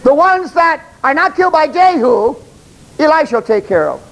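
A man with a very high voice delivers a sermon. He speaks straight at his listeners, emphatic and repetitive, and trips over words when he reads scripture aloud. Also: sing-song, normal speed, rough recording. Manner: emphatic, addresses congregation directly, stumbles reading aloud. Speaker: preacher.

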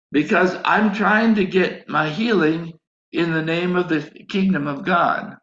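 A man's voice: a little high, vocal fry, a bit bright. A man preaching a sermon, telling a personal story and acting out his own prayers. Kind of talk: sermon testimony. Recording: echoey, dull lo-fi sound.

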